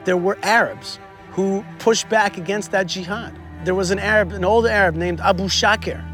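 A man guiding a tour outdoors at a historic site, teaching history in an animated way and quizzing his listeners. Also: high-pitched, moderate pace, over music. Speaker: tour guide. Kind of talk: history lesson told on a tour.

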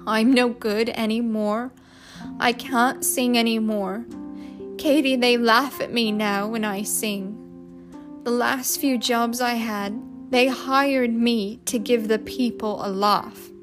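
Woman reader doing a crying dad, loud and anguished, storybook reading with music bed. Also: a little high, steady tone, slow. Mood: sobbing. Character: despairing middle-aged father, drunk, sobbing.

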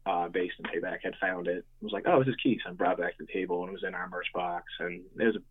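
A man's voice: deep voice, fast talker, breathy edge. A young man, a musician, telling stories casually with lots of fillers and swearing. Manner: rambling, swears freely, many fillers. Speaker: guest, hardcore band musician. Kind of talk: casual storytelling. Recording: tinny phone-like line.

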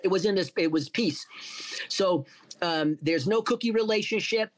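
A man's voice: sits high, normal speed. A middle-aged man telling a story in a casual interview, swearing freely and acting out what people said to him. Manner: profane, animated storyteller acting out quotes. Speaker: guest, cannabis entrepreneur.

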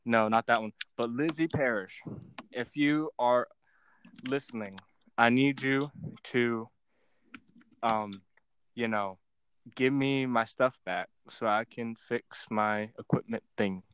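A man's voice: mid-range voice, takes it slowly, pauses often, fairly bright tone, clear, resonant tone. A young man hosting a casual podcast chat. He rambles, giggles often and teases as he reads out what his guest types. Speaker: podcast host.

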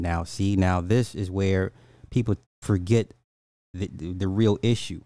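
A man's voice: low-pitched, steady tone, slow, long pauses, mellow, dry recording. A man in his forties with an African American accent gives blunt, profane opinion commentary, stammering and restarting as he reads news quotes aloud and reacts to chat. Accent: African American Vernacular English. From United States. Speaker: commentary host.

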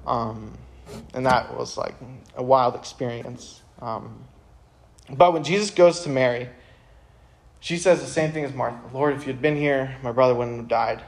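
A young man speaking to a room of high school students. His delivery is casual and earnest, with lots of "um" and "like". He stays quiet and reflective for long stretches, then turns loud and animated when he wants to drive a point home. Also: measured pace, vocal fry. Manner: casual, earnest, lots of fillers, bursts of energy. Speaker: youth speaker.

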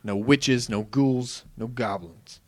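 A man hosting a podcast, running the segments in a relaxed, easygoing way. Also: medium pitch, takes it slowly. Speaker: podcast host. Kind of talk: casual chat.

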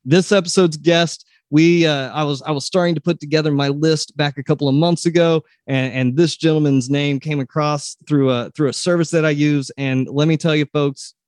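Male podcast host, slightly high voice, chatty and folksy, dry close sound. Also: steady tone, moderate pace, hardly any pauses, darkish tone, no room sound. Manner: chatty, folksy, with frequent restarts. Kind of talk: casual podcast interview.

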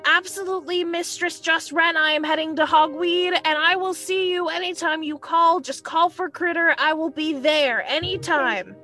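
A woman's voice: extremely high pitch, fairly even intonation, sharp tone, faint music behind, pitched above the performer's own voice. A woman doing a fawning little house gnome. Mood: eager. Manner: fawning, slow and pleading. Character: devoted little male house gnome servant, eager and worshipful.

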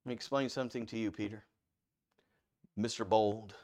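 A man voicing a calm, firm male teacher who corrects a follower in a low, quick, matter-of-fact voice. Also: close to an everyday voice.

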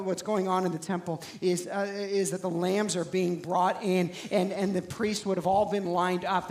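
A man preaching a sermon as pastor, moving from quiet storytelling into loud, shouted preaching. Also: sits high, echoey room.

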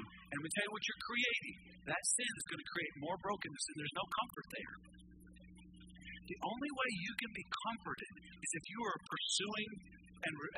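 Male pastor, sermon delivery, high lively voice, emphatic call-and-response, loud noise behind.

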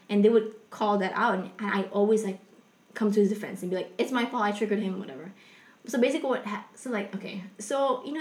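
Young woman rambling in an echoey room. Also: medium pitch. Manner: rambling, filler-heavy, with a soft confessional tone. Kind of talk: casual personal storytelling.

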